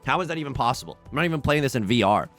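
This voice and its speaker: Excitable self-mocking young man gamer. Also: mid-range voice, very fast, faint music behind. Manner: self-mocking, excitable, swings between mumbling and loud outbursts. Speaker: gaming YouTuber. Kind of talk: live commentary while playing.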